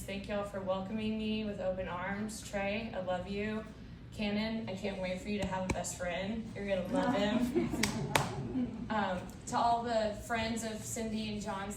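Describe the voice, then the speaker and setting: A young woman speaks as the bride, emotional and grateful in her wedding speech. She is far from the mic in an echoey room. Loud party chatter runs behind her. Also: mid-range voice, background noise. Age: young adult. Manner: grateful, emotional, says y'all often. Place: indoor party venue.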